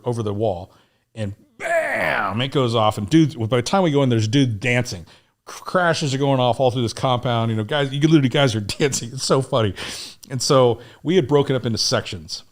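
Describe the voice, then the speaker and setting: A middle-aged American man telling a war story in a podcast interview, casual and profane, acting out what people said. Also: medium pitch. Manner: animated, profane war storytelling, acts out quotes. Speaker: guest.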